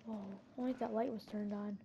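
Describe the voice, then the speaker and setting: A woman's voice: mid-range voice, fairly even intonation, brisk, vocal fry, lo-fi sound, background noise. A woman playing through a scary game story, reacting breathlessly with lots of exclamations. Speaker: player acting out a scary game movie. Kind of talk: improvised game role-play narration.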